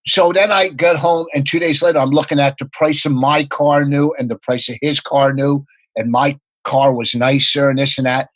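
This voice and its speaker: A man telling rapid, profane comedy anecdotes in a casual podcast chat. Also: fairly high pitch, steady tone, a bit bright, no room sound, low-quality recording. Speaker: comedian guest.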